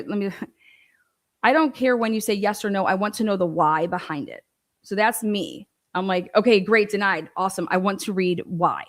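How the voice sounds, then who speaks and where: A woman host giving heated, profane commentary on a court ruling, exasperated and ranting in outbursts of disbelief. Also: mid-range voice. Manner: animated, rising into outbursts of disbelief. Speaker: show host and legal commentator.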